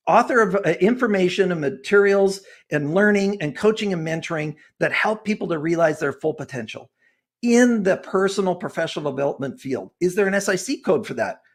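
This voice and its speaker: A man in his sixties, a guest author speaking in an interview, earnest and fervent, talking like a preacher. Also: sits high. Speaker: guest author and personality expert. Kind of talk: passionate interview talk.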